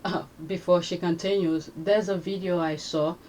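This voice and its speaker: A woman's voice: fairly low pitch, steady tone, moderate pace, a little mellow, slight background noise. Chatty woman rambling through clips. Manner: rambling, chatty, with many fillers. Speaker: commentary vlog host. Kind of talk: casual commentary on social media clips.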